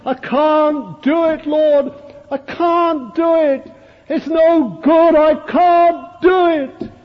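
A man voicing a distraught woman who sobs and pleads in despair, his voice raised high and wailing. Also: steady tone, very slow, heavily acted. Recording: dull echoey hall recording.

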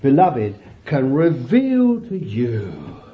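A man preaching a sermon, animated and laughing often as he calls his listeners beloved. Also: mid-range voice, drawn-out words, muffled recording, a little hiss or hum.

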